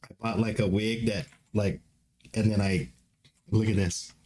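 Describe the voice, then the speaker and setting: A man's voice: fairly low pitch, steady tone, unhurried, a little mellow. Rambling self-mocking man on a live stream. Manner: rambling, self-mocking, laughs often, swears. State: tipsy. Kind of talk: casual live-stream chat.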